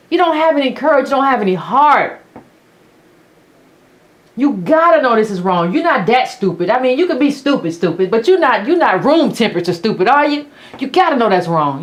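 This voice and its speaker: A woman hosting a political commentary monologue who speaks bluntly and sarcastically. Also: fairly high pitch. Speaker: host of a political commentary channel.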